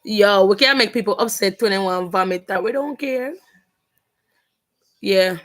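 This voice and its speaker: A woman's voice: medium pitch, measured pace, a bit bright. A woman, taunting her viewers in a casual vlog chat. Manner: taunting, repetitive, sassy. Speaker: vlogger reacting to videos.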